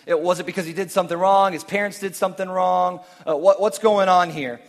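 A man's voice: high-pitched, steady tone, fairly quick, big-room sound. A man preaching a sermon in a casual, conversational way, often repeating words as he presses a point. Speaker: pastor.

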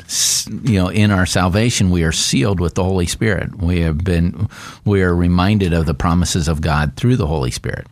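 Low-voiced man discussing theology. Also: dry recording. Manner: reads confession text aloud, laughs easily. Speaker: pastor.

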